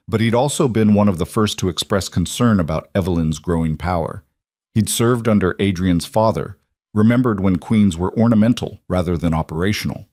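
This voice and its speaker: A man with a low voice narrating a dramatic story in measured, even tones. The recording is dry and close, with no room sound. The reading is steady from line to line. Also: no echo. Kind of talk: scripted narration.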